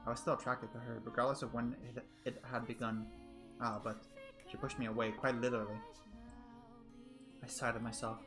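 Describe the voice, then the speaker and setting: Male let's-play reader, mid-pitched, soft and reflective, music faintly underneath. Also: flat delivery, a little fast, pauses often. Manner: soft-spoken, reflective, with chatty asides. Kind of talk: reading a visual novel aloud with commentary.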